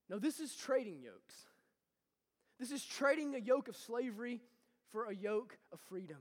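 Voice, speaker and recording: High-voiced pastor preaching in a reverberant hall. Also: male voice, expressive, moderate pace. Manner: preaching with swings from loud to hushed. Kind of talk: sermon.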